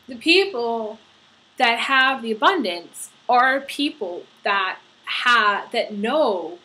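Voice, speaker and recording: A woman's voice: on the high side, animated, bright, forceful tone, poor audio. Earnest woman giving a tarot reading. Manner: earnest, halting, many fillers and restarts. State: getting emotional. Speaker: tarot reader.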